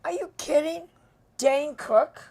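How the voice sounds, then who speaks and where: An older woman who runs the interview with brash, needling humor. Her voice sits fairly high for a woman, and she fires off quick jokes at her guest. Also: gravelly, dark tone. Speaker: talk show host. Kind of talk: casual interview chat. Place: bedroom set.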